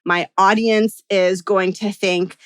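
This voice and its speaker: A woman acting out the rushed, self-critical inner voice of a nervous speaker in a dry, close recording. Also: medium pitch, steady tone, a bit bright, clean tone, no echo, voice pushed down. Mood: spiraling panic.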